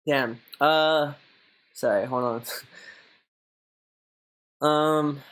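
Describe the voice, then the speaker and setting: A man's voice: fairly even intonation, extremely slow, a bit bright. A young man reading out viewer messages on a live stream and chatting back casually, rambling and swearing a lot. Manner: mocks a high gushing voice when quoting others.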